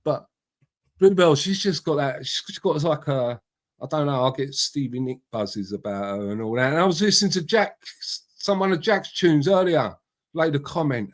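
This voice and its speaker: A man's voice: fairly high pitch, animated, moderate pace. Middle-aged man, casual live-stream host, rambling, matey, swears. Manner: chatty, rambling, swears freely, greets viewers by name. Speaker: livestream host. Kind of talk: casual live-stream chat reading out comments.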